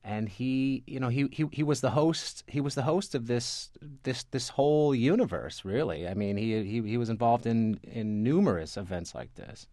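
A man, a newspaper reporter, telling anecdotes in a relaxed interview, full of restarts, fillers and repeated words. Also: medium pitch, moderate pace, few pauses, dry recording, studio quality. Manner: rambling, many restarts and fillers. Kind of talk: conversational interview storytelling.

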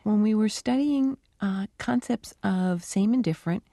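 Gravelly-voiced woman researcher. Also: mid-range voice, normal speed, dry recording, clean studio sound. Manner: animated storytelling, acts out dialogue. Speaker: animal cognition researcher. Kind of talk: interview answers.

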